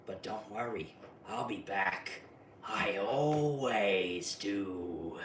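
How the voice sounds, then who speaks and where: Brief: creepy male clown monster, as a man puts him on, lurching from low menace to shrill glee, roomy distant sound. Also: a bit bright, a little hiss or hum. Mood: soft menace. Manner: swings between deep slow menace and high giddy taunting. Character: sinister shape-shifting male clown monster. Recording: roomy, distant mic, faint ambience.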